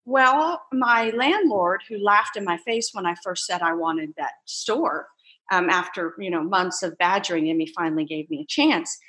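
A woman entrepreneur telling her story in a casual interview, animated and laughing as she acts out quoted voices. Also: on the low side, moderate pace. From United States. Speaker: entrepreneur guest.

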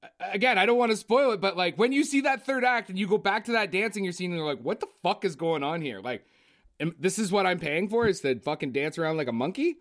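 A man ranting in a casual, profane film review chat, animated and blunt. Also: high voice, fast talker. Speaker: podcast co-host.

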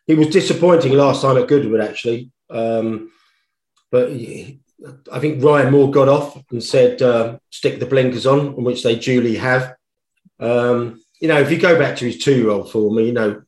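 A man giving a detailed, thoughtful betting analysis as a racing tipster, pausing on fillers as he reasons. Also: mid-range voice, a little mellow. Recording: roomy echo.

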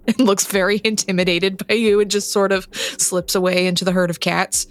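A woman narrating a tabletop role-playing game as game master, relaxed and conversational, laughing easily. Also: mid-range voice, normal speed, few pauses.

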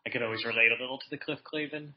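A man talking casually on a podcast, meandering through his thoughts with restarts and fillers. His voice sits at an ordinary middle pitch. The audio is a little dull and muffled. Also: fairly even intonation, racing. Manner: rambling, lots of restarts and fillers. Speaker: podcast guest. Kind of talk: casual chat.

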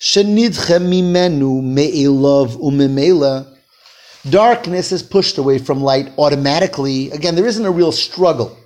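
A man's voice: fairly high pitch, unhurried, darkish tone. A man leading a text-study class, reading Hebrew phrases aloud, translating them and asking his students questions. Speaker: Torah teacher.

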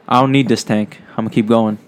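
A man's voice: mid-range voice, fairly even intonation, fast talker, voice pushed down, natural voice. Brash werewolf man, boastful and cursing, as a man puts him on in an improvised comedy story.

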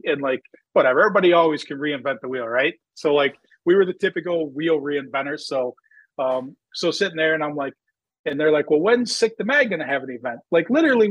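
A drag racer who started a magazine tells his story in a casual interview, rambling and full of fillers, and he gets animated when quoting himself. His voice is a little high with a breathy edge, captured in a dry, low-quality recording.

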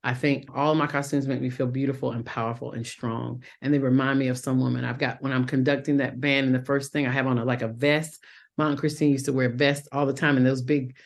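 Her voice rumbles low and her delivery is flat and a little fast. A Southern-accented Broadway actress, she's a warm, chatty video-call interview guest who addresses people as honey and boo.

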